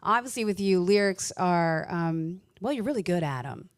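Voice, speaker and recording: A woman's voice: on the low side, animated, moderate pace, smooth, dry recording. A woman hosting a casual radio interview in a studio, chatty and laughing easily. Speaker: radio host.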